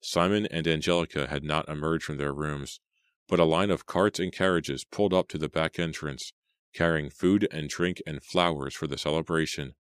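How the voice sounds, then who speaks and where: A man reading an audiobook aloud, with measured, dramatic narration. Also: extremely low pitch, smooth, no echo, studio quality.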